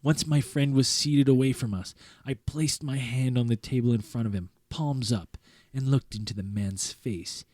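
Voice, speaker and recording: A man's voice: medium pitch, moderate pace, a little mellow, dry recording, studio quality. A man hosting a podcast, reading a story aloud in an earnest tone that keeps breaking into laughter. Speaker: podcast host. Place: podcast studio.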